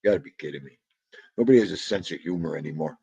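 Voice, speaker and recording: A man hosting a casual livestream, chatting to viewers and reading their comments in a rambling, animated way, with sudden loud exclamations. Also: low-pitched, rapid-fire, creaky, husky, no echo.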